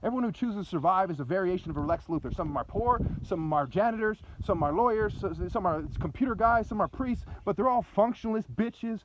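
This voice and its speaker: A man's voice: high voice, animated. A man vlogging while walking around, recounting an argument in an agitated, repetitive way. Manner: agitated, repetitive, fast and intense. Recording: dull lo-fi recording with faint noise.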